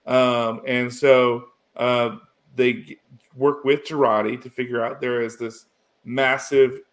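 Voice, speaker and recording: A man in casual conversation, rambling through a story with plenty of fillers and restarts. His voice sits at an ordinary middle pitch, and he gets emotional as he goes. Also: little pitch movement, slow. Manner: rambling, full of "you know" and restarts, emotional. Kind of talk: casual chat recapping a TV episode.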